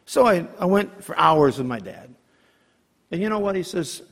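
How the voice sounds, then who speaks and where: A man's voice: high voice, lively intonation, moderate pace, vocal fry, fairly bright tone. Emphatic preacher man, hall echo. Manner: emphatic, calls for amens and asks rhetorical questions. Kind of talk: sermon. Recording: long hall reverb.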